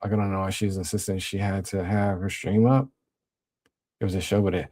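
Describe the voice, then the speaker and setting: A young man hosting a casual livestream, talking in a laid-back, slang-heavy way while reading and shouting out his chat. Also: deep voice, flat delivery, brisk. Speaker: livestream host.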